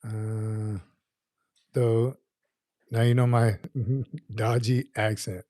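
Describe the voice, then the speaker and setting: A man in his fifties chats casually through a livestream, rambling and circling back over his words as he reads comments aloud. His voice has a mellow, relaxed tone, and the sound is dry and close with no room around it. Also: lowish voice, very slow, no room sound. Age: 50s. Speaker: livestream host.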